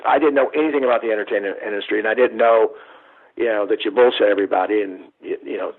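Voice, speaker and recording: A man's voice: lowish voice, quick pace. A middle-aged man, a guest photographer, telling rambling, profane stories over the phone. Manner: rambling, profane, acts out quoted dialogue. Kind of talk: casual storytelling. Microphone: phone call. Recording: tinny phone line.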